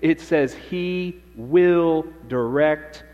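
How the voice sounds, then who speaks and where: A man's voice: a little high, very slow, darkish tone. A man preaching a sermon to his church, emphatic and repeating key phrases for emphasis. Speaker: pastor. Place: church sanctuary. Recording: dull lo-fi with long church reverb.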